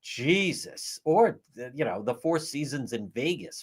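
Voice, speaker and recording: A man hosting a casual livestream, ranting in an animated, profane way. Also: medium pitch, unhurried, breathy edge. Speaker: livestream host.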